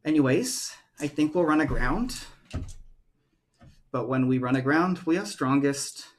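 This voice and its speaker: A man's voice: a little high, lively intonation, a little slow, slight background noise. Man running a tabletop game. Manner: loose, rambling narration with many fillers. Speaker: game master.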